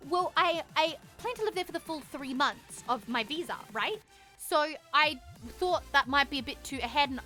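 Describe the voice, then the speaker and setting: A woman's voice: sits high, sharp tone. A young woman streamer telling a story casually, acting out both sides of a conversation and swearing freely. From Australia.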